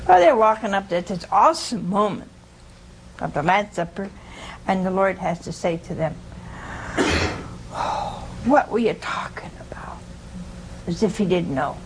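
A woman's voice: medium pitch, expressive, normal speed, a little hiss or hum, low-quality recording. A woman giving an informal sermon, quizzing her listeners, chuckling and acting out quoted speech. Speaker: religious teacher. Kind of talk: informal sermon with audience questions.

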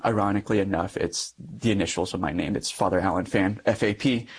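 A man's voice: low voice, fast talker, slight background noise. A young man, a Catholic priest, earnestly telling a personal story in an interview and often laughing between sentences.

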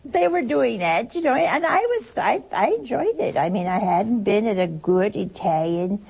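An older woman with a mid-range, husky, darkish voice speaks at a moderate pace in a sing-song with vocal fry. A religious speaker addressing a broadcast audience, she delivers a chatty, conversational sermon, telling stories, posing rhetorical questions, and laughing often.

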